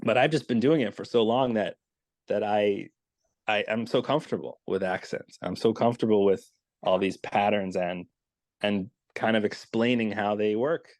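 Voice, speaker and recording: A man's voice: lowish voice, normal speed, darkish tone, dry recording. A man talking as a dialect coach guest in a casual interview, explaining with enthusiasm.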